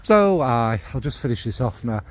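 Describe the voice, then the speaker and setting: A man's voice: mid-range voice, big pitch swings, normal speed. Rambling man chatting about perfume. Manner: rambling, warm and enthusiastic about scents. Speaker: fragrance vlogger. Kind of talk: casual rambling chat to camera.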